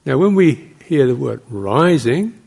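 Gravelly with a husky edge, this monk's average-pitched male voice swings widely in pitch as he speaks at a measured pace. His easygoing meditation teaching wanders through digressive stories, dotted with soft chuckles and little voiced, acted-out exclamations.

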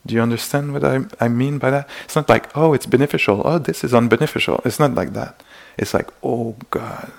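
Gravelly yet gentle, a man's middling voice carries a searching dharma talk through a meditation retreat hall. The teacher regularly pauses to dramatize small exclamations of the inner mind.

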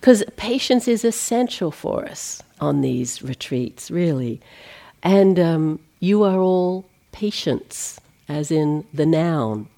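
A middle-aged woman meditation teacher gives a dharma talk on retreat, telling stories gently and unhurriedly with light humor. Her voice is low and creaky with lively intonation.

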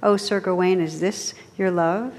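A gentle, wise enchanted noblewoman, voiced by a woman reading aloud in a soft, earnest way. The voice sits a little low. A long reverb trails after each phrase. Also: fairly even intonation, a little slow. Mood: reproachful.

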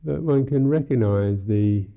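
A Buddhist monk teacher giving a dharma talk in a musing, unhurried, wry way, often saying "you know". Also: male voice, medium pitch, gravelly. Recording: tinny lo-fi talk recording.

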